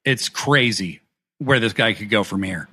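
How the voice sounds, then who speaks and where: Bright-voiced man, animated chatter. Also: fairly low pitch, a little slow. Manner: excited, swears freely, acts out quotes. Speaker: podcast co-host. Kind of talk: casual wrestling review chat.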